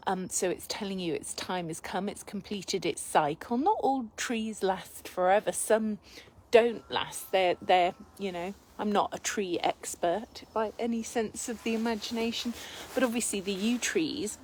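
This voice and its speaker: An Englishwoman hosting a casual live video from under a yew tree, talking softly and often slipping into a whisper, her voice a little worn. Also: medium pitch, unhurried, rough recording. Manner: soft, often drops to a whisper. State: slightly losing her voice. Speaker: healer and channel host. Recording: faint outdoor background noise.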